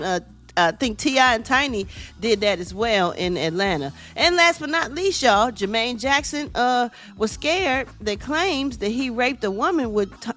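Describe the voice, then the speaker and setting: A woman's voice: mid-range voice, fairly bright tone. A middle-aged woman hosting a casual radio entertainment news segment, chatty and sassy, calling listeners y'all and honey.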